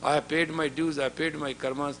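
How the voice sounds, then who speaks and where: A man's voice: on the high side, flat delivery, brisk, fairly bright tone, a little hiss or hum. A man in his fifties, a spiritual teacher giving a lecture to a women's class, talking directly and scolding, often turning questions on his listeners. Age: 50s. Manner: direct and admonishing, asks the audience questions.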